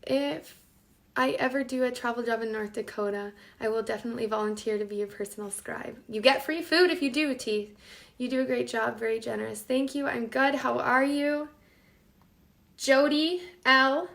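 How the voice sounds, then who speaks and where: Chatty high-voiced woman cooking live. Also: moderate pace, creaky, a bit bright. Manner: chatty, reads out viewer names, talks to herself. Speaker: host of a live cooking stream. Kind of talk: casual live-stream chat while cooking.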